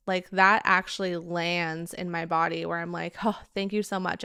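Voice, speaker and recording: Gravelly, candid woman reflecting on relationships. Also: medium pitch, a bit bright, no room sound, clean studio sound. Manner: reflective, filler-heavy, candid storytelling. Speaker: relationship vlogger. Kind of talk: casual talk to camera.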